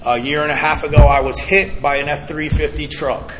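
A man's voice: on the high side, little pitch movement, brisk, music in the background. A man sharing his recovery story to a live group at a twelve-step meeting, earnest and emphatic, often calling the crowd guys. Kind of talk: personal testimony to a live group. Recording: echoey hall with background ambience.

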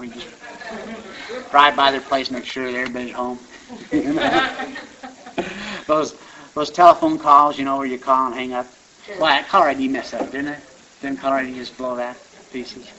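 A man giving a rambling, conversational personal testimony at a recovery meeting. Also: medium pitch. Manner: conversational, rambling with restarts and asides. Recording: dull lo-fi recording with faint hiss.

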